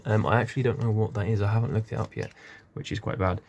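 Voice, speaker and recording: Rambling man with low voice. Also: fairly even intonation, quick pace, gravelly, a little mellow, lo-fi sound. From England. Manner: rambling, many ums, self-correcting. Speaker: gardening vlogger. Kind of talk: casual walk-through tour. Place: small greenhouse.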